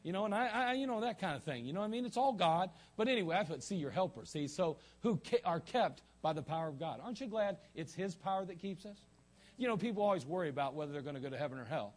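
A man's voice: fairly high pitch, animated, quick pace. A man preaching a sermon in a folksy, joking way, often restarting his sentences, with an Ohio accent. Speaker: pastor.

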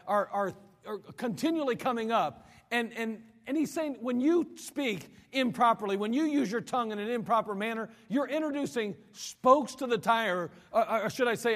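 Male preacher, high-pitched, dramatic sermon delivery with repeated words, long reverberant hall. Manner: dramatic preaching, sudden drops to low quiet lines; repeats words when building a point.

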